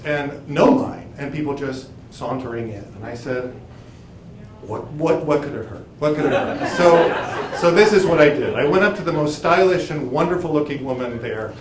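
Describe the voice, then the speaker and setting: Speaking in a slightly high voice, this male professor performs a story for a live crowd, voicing himself and others with animation and switching into fluent French at points. There's slight background noise, the mic sits at a distance in a roomy venue, and the audience laughs.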